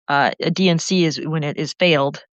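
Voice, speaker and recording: Talking about politics with passion, a woman rambles on at a slightly fast clip, her low voice keeping a steady tone. The dull lo-fi recording has no echo.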